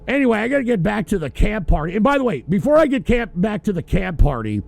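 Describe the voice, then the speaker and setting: Gravelly high-voiced man ranting, tipsy. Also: very animated, fast. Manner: loud, profane, rambling rant. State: drinking, tipsy. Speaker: host of a call-in livestream show. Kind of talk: profane ranting livestream talk.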